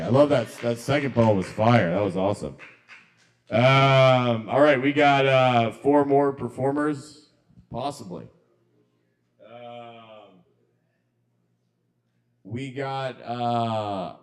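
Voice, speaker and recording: A man's voice: mid-range voice, slow, long pauses. Chatty man hosting an open mic. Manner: loose, chatty, lots of ums and calling out names. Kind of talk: casual live hosting. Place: kava bar open mic.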